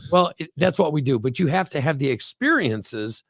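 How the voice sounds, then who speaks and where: A middle-aged man co-hosts a casual motivational podcast chat, rambling and preachy as he acts out little quotes. His voice sits on the high side with lively intonation, a moderate pace, and vocal fry, captured as clean studio sound with no room sound.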